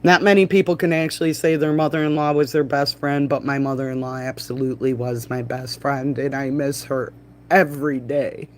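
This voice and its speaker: A man chatting on a live stream from a bar, telling animated stories, laughing often and swearing freely. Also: mid-range voice, a little fast, low-quality recording. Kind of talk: casual live-stream chat. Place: bar, indoors.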